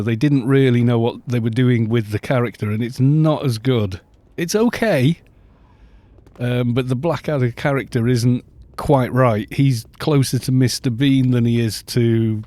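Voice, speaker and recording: Chatty man, mellow voice. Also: mid-range voice, no room sound. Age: middle-aged. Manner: chatty and rambling, laughs often. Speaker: game streamer. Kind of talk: casual chat on a live stream.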